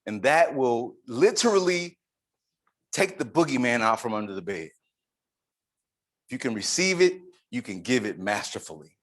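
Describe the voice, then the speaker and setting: Animated male conference speaker. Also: medium pitch, moderate pace, long pauses. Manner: animated, emphatic, playful with the crowd. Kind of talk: live leadership talk to an audience. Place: conference room.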